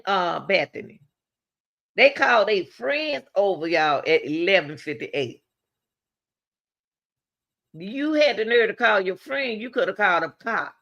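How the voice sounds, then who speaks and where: A woman giving casual true-crime commentary, talking straight to her viewers with rhetorical questions and lively swings between high exclamations and low asides. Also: creaky, highs cut off.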